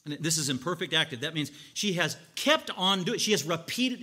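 A man preaching an expository sermon, acting out the people in the story and swinging from quiet explaining to loud, animated outbursts. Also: a little high, moderate pace, hardly any pauses, husky. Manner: animated, acts out voices, rising to loud outbursts. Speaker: pastor.

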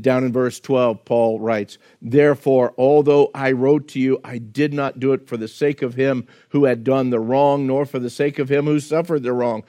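A man's voice: mid-range voice, a little mellow. A man preaching a sermon as pastor, in a conversational way, often repeating words and acting out quotes.

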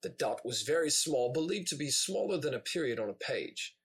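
Man doing a British documentary narrator, breathy and husky, swooping intonation, grave slow delivery. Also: medium pitch, animated, pitched below the performer's own voice. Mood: solemn. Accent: put-on British. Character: solemn male documentary narrator.

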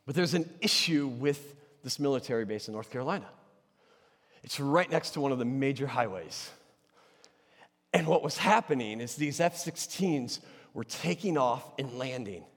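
A man preaching an energetic sermon in a church. He swings between shouting and soft, near-whispered asides, with self-deprecating humor. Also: mid-range voice, big-room sound. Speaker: pastor. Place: church sanctuary.

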